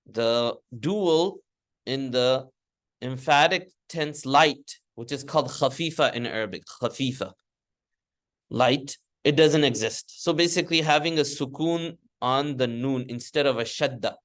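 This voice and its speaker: Teaching Arabic grammar in a classroom, a man speaks at a measured pace with a medium-pitched voice. He explains patiently, repeating terms and having students recite drills after him.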